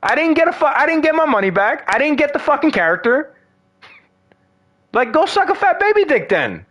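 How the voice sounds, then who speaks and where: A man's voice: extremely high pitch, very animated, a little fast, a bit bright. A man ranting in a casual, profane monologue about fighting games, exasperated and slangy. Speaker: gaming vlogger.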